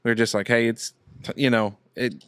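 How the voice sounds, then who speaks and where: A man co-hosting a casual podcast, telling a hunting story and acting out the voices of other people loudly. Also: medium pitch, normal speed, smooth, no room sound, studio quality. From Indiana. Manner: animated storyteller, acts out quotes loudly. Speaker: podcast co-host.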